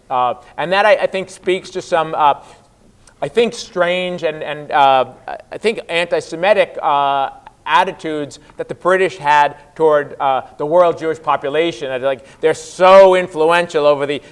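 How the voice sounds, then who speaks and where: A man's voice: a little high, clear, resonant tone. A man lecturing a class on history in a loose, conversational way, often acting out what historical figures said. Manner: conversational, many fillers, voices historical figures in quotes.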